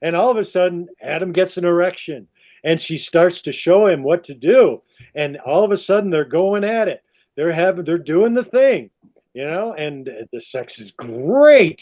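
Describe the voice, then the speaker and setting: Man, podcast storytelling, animated delivery, fairly high pitch. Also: unhurried. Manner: lively, repeats 'all of a sudden'. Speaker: podcast guest.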